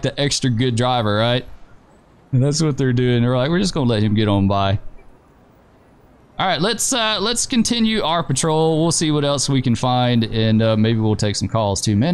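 A man casually commenting while playing a driving and emergency game, chatty, laughing easily and talking back to the drivers on screen. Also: on the high side. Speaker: gameplay streamer.

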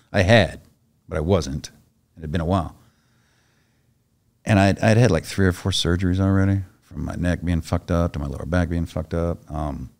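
Middle-aged retired soldier, deep-voiced, talking bluntly and profanely as a podcast guest. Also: male voice, darkish tone. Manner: blunt, profane, acts out the voices in his stories. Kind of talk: casual storytelling.

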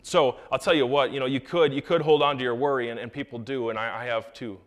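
A man preaching a sermon as pastor, animated, dropping into quiet asides and rising into loud raised lines, with jokey remarks to the congregation. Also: mid-range voice, quick pace.

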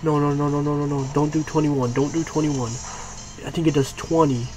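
A young man, a gaming YouTuber, reacts live to his own gameplay, swearing, groaning and bursting out in frustration when things go wrong. His voice is a little high and darkish, with fairly even intonation and a moderate pace. Faint game music plays behind him.

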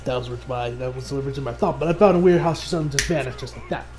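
A man giving a casual, animated episode recap, often laughing and acting out the characters' lines. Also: medium pitch, very fast. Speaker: anime reviewer.

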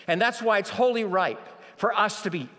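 A man preaching a sermon in a church, slow and emphatic, moving between near-whispers and shouts and repeating key words. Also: high voice. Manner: dramatic, swinging from quiet near-whispers to shouting. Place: church sanctuary. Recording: long reverb of a large church hall.

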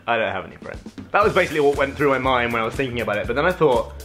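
A man's voice: mid-range voice, expressive, very fast, over music. A young British man talking to his camera in a hotel room, joking about himself. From Britain. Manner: jokey, self-mocking, swings into silly voices. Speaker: vlogger. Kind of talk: comedic vlog. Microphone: camera mic.

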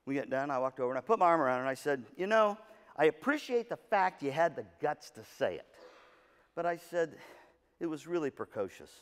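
A keynote speaker addresses music directors at an educators' session in a smooth, fairly high, fairly quick male voice. His motivational talk centers on a story he animates by acting out its voices, with jokes tossed to the audience; long hall reverb colors the sound.

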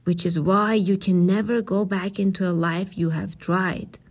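A calm, wise older librarian speaks slowly and reassuringly, as a woman reader puts her on. Her tone is soft and level, a little lower than the narration, in an audiobook. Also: vocal fry, slightly rough. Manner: slow, reassuring, explaining.

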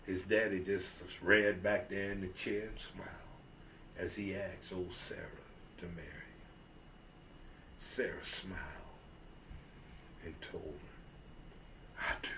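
A man's voice: low voice, steady tone, measured pace, long pauses, fairly bright tone, recorded from a distance, a little hiss or hum. Folksy man telling a Christian story. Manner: folksy, repeats himself, raises his voice when quoting characters.

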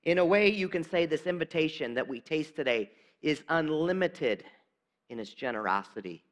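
A male pastor giving a sermon in a church, talking conversationally and dropping to soft, emphatic lines. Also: on the high side, lively intonation, normal speed. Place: church sanctuary.

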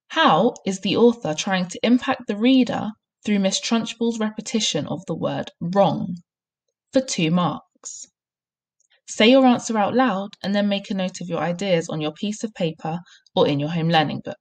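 A woman primary school teacher, giving a clear, encouraging recorded home-learning lesson. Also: mid-range voice, lively intonation, normal speed.

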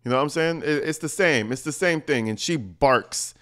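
A man's voice: a little high, normal speed, a bit bright. A man giving casual, sarcastic commentary over video clips, crude and mocking in his asides. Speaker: commentary vlogger.

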